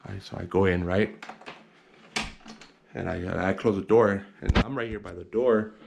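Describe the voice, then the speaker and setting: A man's voice: sits low, fairly even intonation, normal speed, creaky, background noise. A man casually telling a personal story to the camera, rambling and repeating words, sometimes acting out other people in a whisper.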